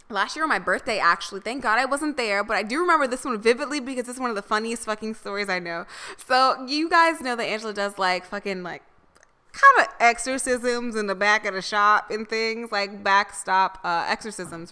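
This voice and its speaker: This is a young woman co-hosting a casual podcast, telling a story in a rambling way. She swears freely and breaks into laughter often. Her voice sits high and sounds bright and forceful. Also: animated, moderate pace. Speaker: podcast co-host.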